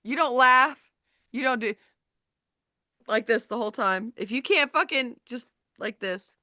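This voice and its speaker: A woman with a bright, slightly high voice tells a courtroom story full of swearing. She laughs often and sounds animated. The recording is dry and close. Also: a little slow, no room sound. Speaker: podcast host; paralegal. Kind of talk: casual storytelling.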